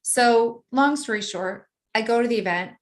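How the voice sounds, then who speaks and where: A woman guest in an interview, telling a personal story in a vivid, animated way and often laughing. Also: fairly high pitch, moderate pace.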